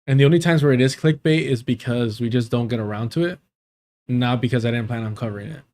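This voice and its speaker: Male stream host, mid-pitched voice, loose rambling chat with frequent laughs. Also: fast, darkish tone. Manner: rambling, laughs often, swears casually. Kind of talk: casual live stream chat.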